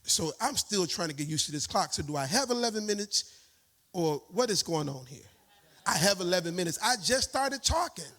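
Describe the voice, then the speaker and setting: A man preaching a sermon in a church with a hoarse voice, talking with the congregation and breaking into sung, shouted phrases. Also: high-pitched, expressive, moderate pace. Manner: call-and-response preaching, sings and shouts phrases. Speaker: guest preacher. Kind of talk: energetic sermon. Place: church sanctuary.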